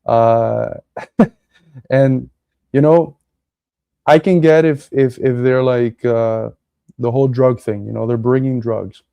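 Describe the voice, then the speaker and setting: A man co-hosting a political podcast, speaking bluntly and swearing casually in relaxed chat. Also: medium pitch, slow, creaky, pauses often, clean tone, no room sound. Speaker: podcast co-host.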